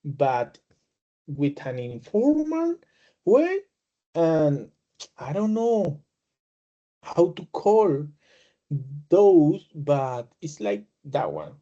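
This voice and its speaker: A man teaching English as a second language, a Spanish native speaker who explains with halting restarts and fillers, and laughs when he acts out greetings. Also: on the high side, huge pitch swings, dark tone, lo-fi sound. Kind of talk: casual online class explanation.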